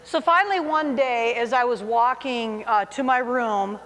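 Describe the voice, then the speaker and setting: A woman's voice: a little high, unhurried, fairly bright tone. A woman in her forties, a teacher, telling a funny personal story to an audience with self-mocking humor. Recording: long hall reverb.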